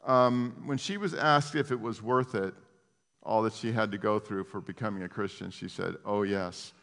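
A man, a pastor, preaching a sermon in a conversational, animated way, with many fillers and restarts. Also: lowish voice, moderate pace, big-room sound.

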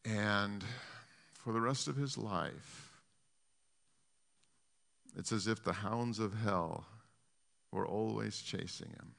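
A man preaching a sermon with passion, swinging from hushed to loud and emphatic, repeating and restarting phrases. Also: fairly low pitch, takes it slowly, creaky, pauses often, long reverb tail.

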